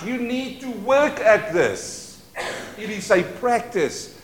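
A man preaching a sermon as pastor, leading call-and-response and moving between quiet asides and loud declarations. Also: sits high, lively intonation, slow, roomy sound. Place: church.

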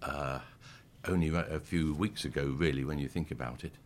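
Very deep-voiced choir leader. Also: male voice, steady tone, a little fast, a little hiss or hum. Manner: friendly, hesitant with many fillers. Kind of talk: radio interview guest. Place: radio studio.

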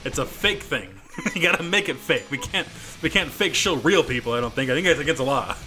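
A man's voice: a little high, lively intonation, a little fast, bright, forceful tone. A man in his thirties, co-hosting a podcast and rambling through stories with frequent laughter. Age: 30s. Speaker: podcast co-host. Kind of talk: casual podcast banter.

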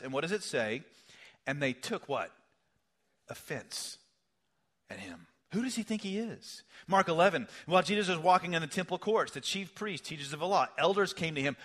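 A middle-aged man preaching a sermon, swinging from loud emphasis down to hushed, near-whispered lines. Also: high voice, animated, normal speed. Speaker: pastor.

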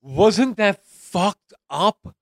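A man's voice: high-pitched, lively intonation, very slow. A man co-hosting a podcast, chatting casually about a movie in a profane, incredulous way. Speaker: podcast co-host. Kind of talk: casual movie review chat.

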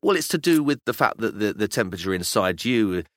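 Lively British dad telling stories. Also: male voice, fairly low pitch, fairly quick, dry recording, studio quality. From United Kingdom. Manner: animated storytelling, acting out kids' voices. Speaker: podcast co-host. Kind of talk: casual chat.

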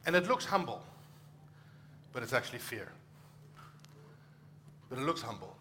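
A man's voice: mid-range voice, expressive, moderate pace, pauses often, sharp tone, a little hiss or hum. A middle-aged man from Africa, a pastor preaching a conversational sermon and acting out short quoted exchanges.

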